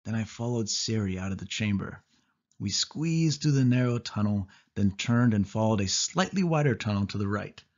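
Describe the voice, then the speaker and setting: A man reading a children's storybook aloud in steady first-person narration. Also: lowish voice, moderate pace. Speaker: audiobook reader. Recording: dull lo-fi audio.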